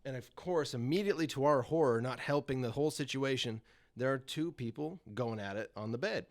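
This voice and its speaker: Animated young man telling a wild story. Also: medium pitch, fairly quick. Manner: animated, swearing, laughs through the story. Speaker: podcast guest. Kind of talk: casual storytelling.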